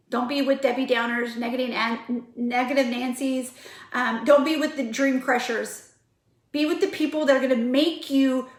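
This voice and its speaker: A woman's voice: high-pitched, a bit bright, roomy sound. A woman in her forties giving an earnest, emphatic motivational pep talk to her online group. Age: 40s. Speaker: vlogger.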